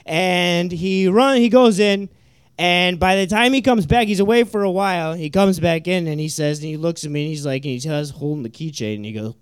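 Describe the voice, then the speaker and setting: A young man telling a stand-up story, animated and laughing, with many "like"s. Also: sits high, moderate pace, smooth, no room sound, clean studio sound. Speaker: stand-up comedian.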